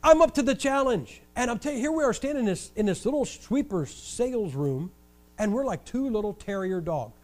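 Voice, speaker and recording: An older man from Ohio, USA delivers a storytelling sermon in a noticeably high voice, speaking a little fast. He tells his stories with animated energy and lands his jokes with dry, wry sarcasm.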